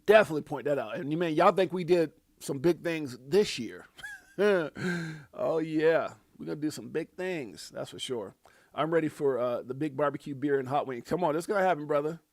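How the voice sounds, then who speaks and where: Hyped high-voiced man hosting a livestream. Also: lively intonation, normal speed, dry recording, clean studio sound. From United States. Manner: hyped, preachy, shouting out viewers. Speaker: livestream host. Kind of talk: casual livestream chat.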